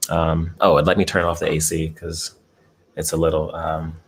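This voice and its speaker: This relaxed home eating stream features a man with a bass, slightly rough voice speaking in a monotone at a moderate pace. He chuckles often and says hello to chat viewers. He is close to a desk mic in a room with air conditioning.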